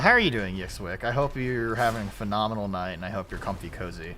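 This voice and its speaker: A man chatting casually while streaming a game, swinging between loud outbursts and mumbled asides. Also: on the low side, sing-song, brisk, hardly any pauses, a little hiss or hum. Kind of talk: casual gaming livestream chat.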